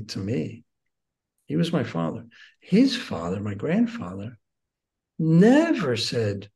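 This guest teacher in his sixties speaks slowly at medium pitch with a gravelly voice and long pauses. Earnestly sharing personal stories in conversation, he drifts between excited and hushed tones.

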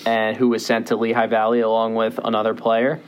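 A young man hosting a casual sports podcast, rambling with many fillers and quick bursts of speech. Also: fairly low pitch, monotone, a little hiss or hum. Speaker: podcast host.

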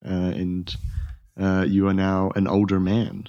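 A man's voice: deep voice, monotone, measured pace, mellow. A man narrating as game master, rambling with many fillers and restarts. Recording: dull lo-fi audio.

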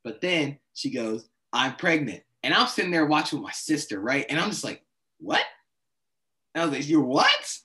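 A man with a slightly high voice rants to his co-host about a wrestling storyline. He mimics his own stunned reactions and keeps circling back to his frustration. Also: animated, fast talker, few pauses, pushed and bright. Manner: exasperated, acts out his reactions. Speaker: podcast co-host. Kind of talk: casual wrestling chat.

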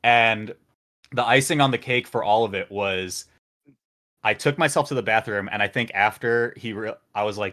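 A man appearing as a podcast guest, telling an anecdote in a jokey, animated way. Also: on the low side, fairly quick. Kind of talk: casual storytelling.

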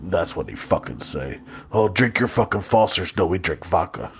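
A man's voice: low-pitched, very animated, moderate pace, a little hiss or hum, pitched below the performer's own voice. A man putting on a nasal Russian party guy. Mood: scornful. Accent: put-on Russian. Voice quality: stuffed-up nasal voice. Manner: boastful, crude, broken English. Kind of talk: comedic character bit on a podcast.

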